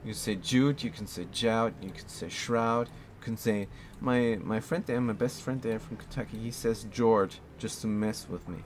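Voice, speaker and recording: A man's voice: on the low side, moderate pace, few pauses, darkish tone, slight background noise. A man from Germany casually commenting on his game while answering chat in a laid-back way. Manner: laid-back, reads chat aloud, chuckles often. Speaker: streamer.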